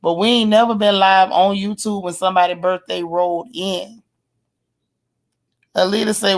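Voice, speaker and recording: A hoarse woman hosts a late-night livestream in a casual, chatty way. She reads viewer comments aloud and teases her audience affectionately, at a middle pitch for a woman. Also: fairly even intonation, measured pace, pauses often. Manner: affectionate, teasing. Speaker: livestream host. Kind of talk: casual live-stream chat.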